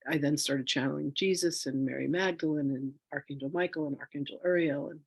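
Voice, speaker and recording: Animated woman telling her story. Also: deep voice, slightly rough, dry recording. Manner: animated storyteller, acts out quoted dialogue. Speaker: spiritual teacher. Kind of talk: live online masterclass, personal storytelling. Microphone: phone.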